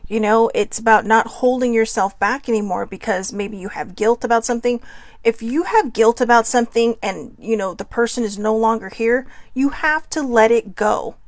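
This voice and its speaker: A woman's voice: fairly high pitch, moderate pace, dry recording. A middle-aged woman hosting a personal reflection show, talking in an earnest, musing way that keeps asking herself questions, her voice a little shaky from incense smoke. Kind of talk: casual reflective monologue.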